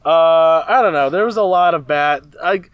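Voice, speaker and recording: A man's voice: a little high, normal speed, clean tone, no room sound. A man co-hosting a casual podcast, announcing plans in a loose, laughing way. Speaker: podcast co-host. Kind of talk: casual chat.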